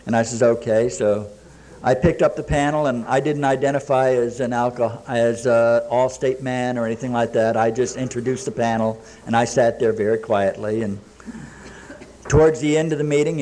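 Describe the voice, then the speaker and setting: A man speaking at a recovery meeting tells his own story to the live audience in the room, using plain language, quoted dialogue and dry humor. His voice is mid-range, steady, mellow and a little fast.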